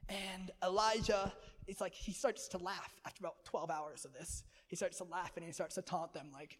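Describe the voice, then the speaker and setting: An energetic male preacher with a high voice, talking to the congregation like friends and laughing between points. A long hall reverb hangs on his words. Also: moderate pace, hardly any pauses. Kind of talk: sermon.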